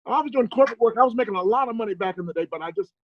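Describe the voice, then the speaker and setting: A man, a guest comedian, chatting casually on a video call and acting out family stories with animated delivery. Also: high-pitched, very fast, no room sound, highs cut off. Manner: animated storyteller, mimics his dad. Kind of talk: casual chat.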